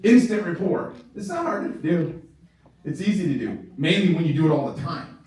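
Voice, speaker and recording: A man giving a live sales training talk to a group, animated, laughing often and checking in with his listeners. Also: on the high side, moderate pace. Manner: animated, keeps checking in with the audience; laughs often while talking. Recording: very echoey room, far from the mic.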